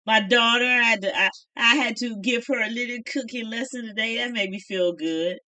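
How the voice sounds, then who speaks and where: A woman's voice: on the high side, moderate pace, pushed and bright. A middle-aged woman casually chatting through a reality show review in a folksy, opinionated way.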